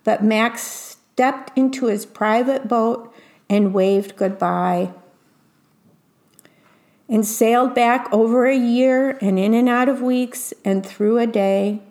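A woman reading a picture book aloud slowly, pausing to describe each illustration in a gentle storytime manner. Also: on the high side. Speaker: reader.

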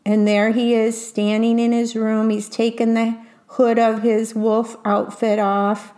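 A woman reading a picture book aloud slowly, pausing to describe each illustration in a gentle storytime manner. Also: fairly high pitch, completely flat delivery. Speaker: reader.

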